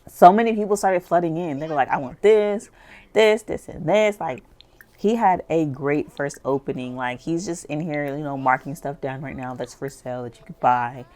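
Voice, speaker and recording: A woman's voice: low-pitched, normal speed, mellow. A woman chatting animatedly as she narrates life-sim gameplay, often saying "like". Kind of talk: casual storytelling over life-sim gameplay.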